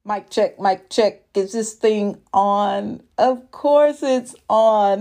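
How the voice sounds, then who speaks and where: A woman hosting a faith-based podcast, speaking in a slow, emphatic, conversational way. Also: medium pitch, warm tone. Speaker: podcast host.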